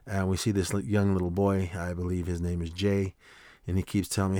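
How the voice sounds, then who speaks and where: A man with a deep voice hosts a podcast, walking through a short film's story in a loose, rambling way. He leans on fillers and restarts his sentences often. The sound is close and dry, with no room echo. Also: flat delivery, a little fast, mellow. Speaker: podcast host. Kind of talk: casual film recap.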